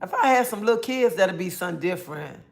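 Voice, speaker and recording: A woman hosts a relaxed livestream, calling out viewers by name and chatting easily. She sounds a little under the weather and talks into a phone or webcam mic. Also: lowish voice, a little hiss or hum. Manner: greets chat viewers by name, drawn-out friendly talk. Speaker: livestream host. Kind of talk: casual livestream chat.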